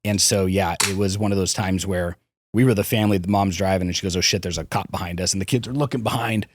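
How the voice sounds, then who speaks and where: Low-voiced man telling hard stories. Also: steady tone, fast. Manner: frank, swears, hesitant restarts. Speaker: podcast guest. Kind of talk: candid personal storytelling.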